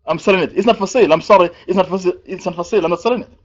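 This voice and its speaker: A man's voice: sits high, rapid-fire, highs cut off. A preacher voicing a deluded man insisting. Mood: insistent. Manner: firm, repeats himself. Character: deluded adult man insisting a tower is his.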